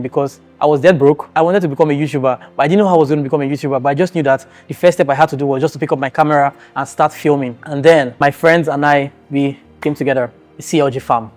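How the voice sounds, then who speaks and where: A man's voice: fairly high pitch, a little mellow. A young man from Nigeria telling his life story in an earnest, emotional storytime vlog, talking straight to his viewers. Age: young adult. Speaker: vlogger.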